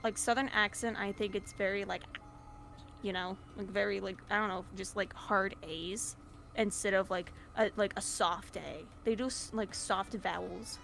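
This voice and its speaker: A woman chatting casually on a stream, animated and giggly, often trailing off mid-thought. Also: mid-range voice, normal speed, gravelly.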